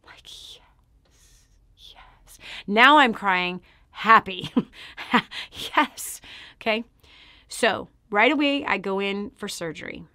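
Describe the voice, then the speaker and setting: A woman's voice: medium pitch, lively intonation, slow, sharp tone, no echo, clean studio sound. A middle-aged woman from California hosting her show and telling a personal testimony, emphatic and emotional, sometimes dropping to a near whisper. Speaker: show host and speaker.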